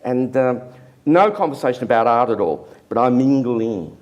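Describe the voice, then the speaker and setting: An older artist telling a self-deprecating anecdote in a lively, rambling interview manner. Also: male voice, medium pitch, moderate pace, lo-fi sound. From Australia. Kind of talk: anecdotal storytelling.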